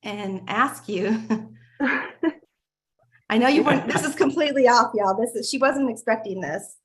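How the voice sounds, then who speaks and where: A woman's voice: a little high, normal speed. Gushing woman hosting a video call. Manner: warm, gushing, laughs often, restarts sentences. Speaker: host of a members' video call. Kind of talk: casual group video call.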